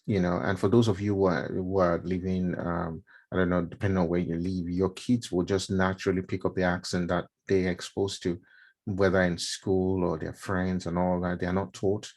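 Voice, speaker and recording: A middle-aged Nigerian man with a low, darkish voice speaks at a moderate pace in a level tone. He's giving a casual mentorship talk to a live stream audience, chatty and full of fillers and repeated words.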